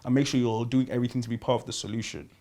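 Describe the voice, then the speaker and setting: A man, a podcast guest talking in an animated, laughing way and often checking that he's understood. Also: medium pitch, very fast. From London. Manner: laughing, animated, often asks "do you get what I mean". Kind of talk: casual chat.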